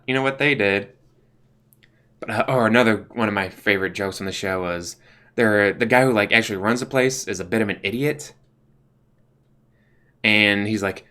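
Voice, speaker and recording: A man's voice: fairly low pitch, normal speed, sharp tone. A young man, casually reviewing TV shows in a rambling way, full of fillers and restarts. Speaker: YouTube host.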